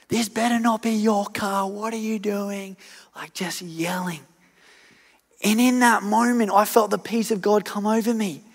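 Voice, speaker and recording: Man, pastor, storytelling sermon, earnest, loud-to-hushed delivery, echoing church hall. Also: high-pitched. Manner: earnest, retelling events with swings from loud to hushed. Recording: long church hall reverb.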